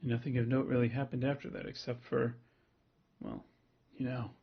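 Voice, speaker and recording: A man's voice: mid-range voice, normal speed, creaky, breathy edge, highs cut off. A man streaming himself reading a visual novel aloud, with laid-back joking asides. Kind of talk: casual stream narration.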